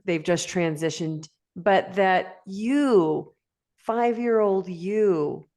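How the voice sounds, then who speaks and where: A woman hosting an interview, talking slowly and affirming her guest. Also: fairly low pitch. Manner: slow, warm-hearted, affirming. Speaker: interview host.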